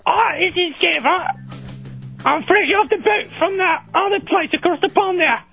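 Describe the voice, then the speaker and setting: A rough, unkempt middle-aged British woman rambles crudely down the line in a very high, shrill voice, as a man puts her on. She is brash and bawdy, full of fillers. The sound is slightly muffled, like an old radio broadcast. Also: normal speed, bright, forceful tone, faint music behind, exaggerated voice. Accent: put-on British. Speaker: caller. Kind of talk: comic radio bit.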